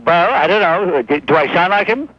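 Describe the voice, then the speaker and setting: A man calling a radio show by phone, ribbing the host in a dry, deadpan way. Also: high voice, a little fast, highs cut off. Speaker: caller, fellow radio host. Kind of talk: phone call-in banter. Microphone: telephone.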